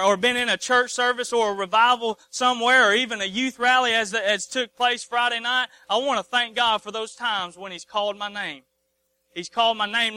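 Male preacher with a high, very bright, smooth voice in a dry room; folksy sermon, repeats lines and asks for amens. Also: dry recording.

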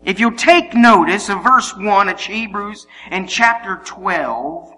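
Lively preacher in an echoing church. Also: male voice, sits high, takes it slowly. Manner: animated storyteller, swings from shouted exclamations to hushed asides. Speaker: pastor. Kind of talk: sermon with humorous personal story. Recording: long hall reverb, faint hum.

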